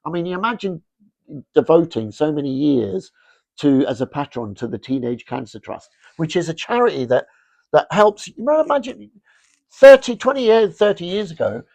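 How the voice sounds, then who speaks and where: Gravelly man telling stories. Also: a little high, normal speed, no echo. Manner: rambling, animated anecdotes with many restarts. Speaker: fashion brand founder, guest. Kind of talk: casual interview storytelling.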